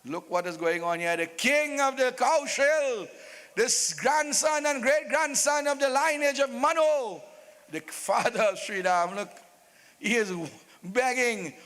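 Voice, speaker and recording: A man's voice: extremely high pitch, animated, unhurried, fairly bright tone, clean tone, in a large hall. A man narrating a live staged epic with humorous asides to the devotees. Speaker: Ramleela narrator.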